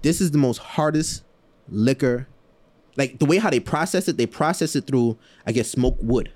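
A man's voice: mid-range voice, moderate pace. A man telling a story in casual podcast chat, talking loosely with plenty of slang and fillers and acting out the people he quotes. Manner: animated, acts out quoted voices, laughs often; loose slang-heavy talk with frequent fillers.

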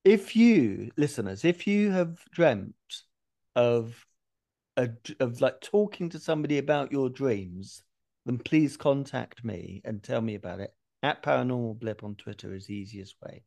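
Lively man with a gravelly edge. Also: medium pitch, normal speed. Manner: animated storyteller, laughs often. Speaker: podcast host. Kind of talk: casual chat.

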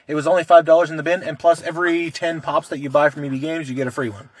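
A man's voice: fairly high pitch, little pitch movement, fast, husky. A man co-hosting a casual podcast, telling rambling stories in a loose way and swearing freely. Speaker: podcast co-host. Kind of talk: casual chat.

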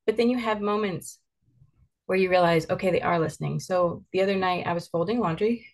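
A woman with a somewhat low voice and a gravelly edge to it. She talks earnestly and reflectively, as a mother in a candid podcast chat. Her pace is steady and conversational. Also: fairly quick. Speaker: mother of kids.

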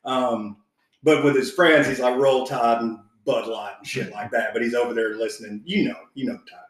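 Mid-range in pitch and moderate in pace, this man co-hosts a podcast and tells a story in easygoing chat. His telling is profane and lively, punctuated by his own laughter. The echo in the room is strong, and he's far from the microphone.

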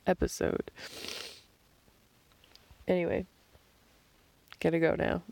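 A hoarse woman thinking aloud in a slow, halting voice diary, recorded on a phone held above her face while she lies outdoors at night. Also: fairly low pitch, a little mellow. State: hoarse from screaming and crying. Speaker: podcast host. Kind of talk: reflective solo voice diary. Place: outdoors in the desert at night, lying under blankets.

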